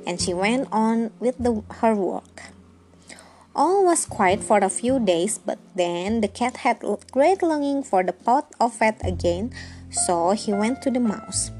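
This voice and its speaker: Slow, gentle woman reading a bedtime story. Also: on the high side, lively intonation, soft background music.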